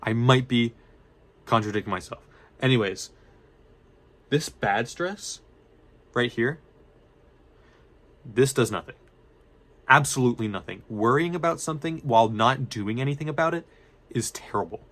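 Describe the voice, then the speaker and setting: Young man, student vlogger, mid-pitched, rambling casual talk, restarts a lot, drops slang. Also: animated, normal speed, long pauses, fairly bright tone. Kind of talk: casual unscripted talk to camera.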